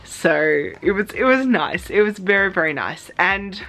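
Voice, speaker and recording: An Australian woman chatting in a casual vlog, telling a story with excitement and acting out her own reactions. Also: medium pitch, moderate pace. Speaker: cosplay vlogger.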